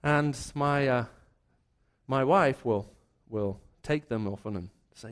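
A man's voice: medium pitch, takes it slowly. Male preacher, conversational storytelling delivery, restarts and fillers, mid-range voice. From raised in the Middle East. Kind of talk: sermon.

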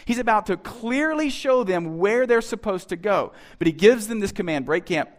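Animated high-voiced male preacher. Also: normal speed. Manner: animated, acts out imagined voices with sudden swings from soft to loud. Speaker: pastor. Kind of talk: sermon.

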